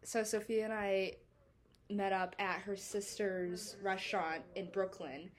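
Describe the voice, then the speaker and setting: A young woman hosts a podcast, chatting loosely and swearing freely. Her talk runs on filler words and easy storytelling, in a voice of middle pitch. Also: steady tone, unhurried. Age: young adult. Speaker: podcast host. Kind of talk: casual podcast chat.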